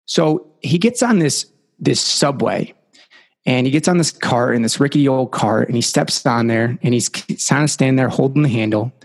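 A man's voice: mid-range voice, moderate pace, in a large hall. A man, a podcast guest, telling a story casually and animatedly, with lots of "like" and "you know.".

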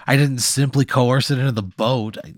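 A man bantering on a comedy podcast, low-key and exasperated, swearing often. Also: steady tone, normal speed, dry recording, clean studio sound. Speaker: podcast co-host.

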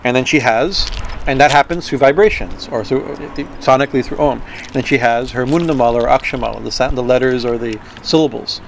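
A man giving an informal talk on Tantra philosophy. He speaks haltingly, repeats words and keeps asking "right?". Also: mid-range voice, vocal fry, a little hiss or hum, poor audio. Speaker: spiritual teacher.

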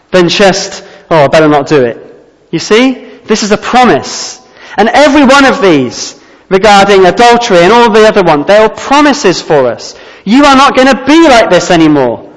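A man's voice: high voice, big-room sound, low-quality recording. A man preaching a sermon, earnest and emphatic, repeating his key phrases.

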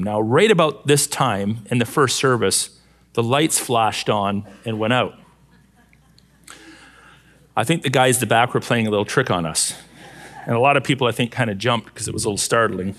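A male pastor preaching a sermon, expressive and using vivid rhetorical questions. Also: medium pitch, moderate pace.

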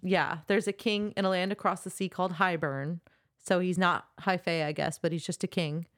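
A woman co-hosting a book podcast, chatting through a plot recap. Her voice sits a little low, recorded dry and close with no room sound. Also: steady tone, normal speed, dry recording. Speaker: podcast co-host. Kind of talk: casual book-club chat.

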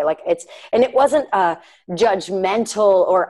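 A woman's voice: mid-range voice, measured pace, warm tone, rough recording. Earnest chatty woman telling a story. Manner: earnest, chatty, lots of fillers and asides to listeners. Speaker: podcast co-host. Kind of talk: personal storytelling podcast.

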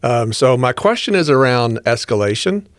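A man's voice: medium pitch, sing-song, moderate pace, dry recording, clean studio sound. A man hosting a podcast, asking a guest long, winding questions about her work. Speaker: podcast host. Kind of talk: interview questions.

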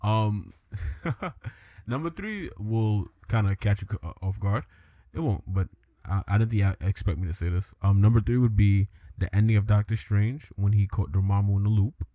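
A man hosting a casual podcast chat, animated and laughing often, slipping into joking put-on voices. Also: on the low side, normal speed, no room sound, clean studio sound. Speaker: podcast host.

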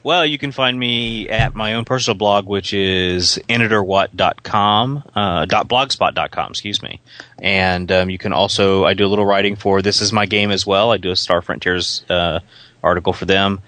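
A man with a very low voice that still sounds forceful and bright, speaking as a podcast guest. The recording is dry and close, with almost no room sound. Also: fairly even intonation, normal speed, dry recording. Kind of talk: casual podcast chat.

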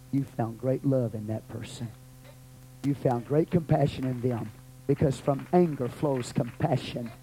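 Texan male pastor, mellow tone, fervent sermon delivery, faint background hum. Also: rough recording. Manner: fervent, swings from loud cries to low murmurs. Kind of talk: sermon with prayer.

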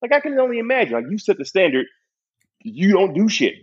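A young man tells a profane story in loose, laughing podcast chat. His voice is a little husky and swings widely in pitch. The recording sounds dull and lo-fi. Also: brisk. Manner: profane, animated, laughs often.

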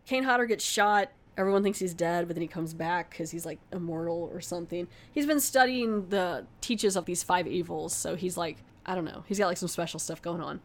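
A woman's voice: lowish voice, fairly quick, hardly any pauses. A woman giving a casual, rambling movie review, full of fillers and asides.

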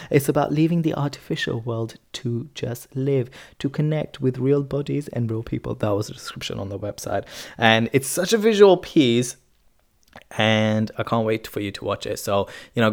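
Enthusiastic male podcast host, casual solo chat, mid-range voice, quick to correct himself. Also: mid-range voice. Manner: enthusiastic, chatty, self-correcting.

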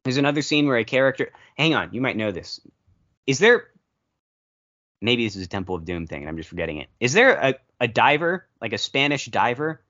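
A podcast co-host rambling through a movie chat with a lively, swooping delivery. The audio is dull and lo-fi. They tell long stories and drop into playful quoted asides. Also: mid-range voice, a little fast.

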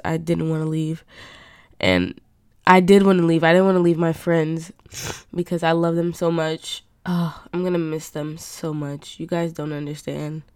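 Young woman podcasting solo, bit of vocal fry, rambly and full of likes and ums, dry close sound. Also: low-pitched, darkish tone, dry recording. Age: young adult. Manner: candid, rambling, heavy on fillers like "like" and "um". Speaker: podcast host. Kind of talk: casual solo podcast chat.

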